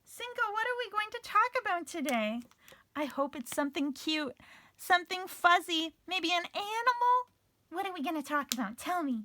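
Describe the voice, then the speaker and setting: A woman's voice: very high-pitched, sing-song, moderate pace, bright, forceful tone. A woman librarian hosting a children's story time, speaking in a cheerful, playful way straight to young kids.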